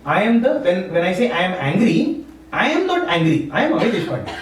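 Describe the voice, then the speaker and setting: This satsang speaker, also a university teacher, is a man from Maharashtra, India, giving a spiritual talk informally. He talks a little fast in a high voice with big pitch swings, chuckling and often adding "right?". The audio is distant and echoey, with a faint hum.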